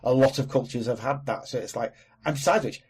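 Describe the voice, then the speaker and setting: A man's voice: mid-range voice, fairly quick, a little mellow, husky. A man from Wales co-hosting a casual podcast chat, opinionated and chatty, swearing now and then. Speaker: podcast co-host.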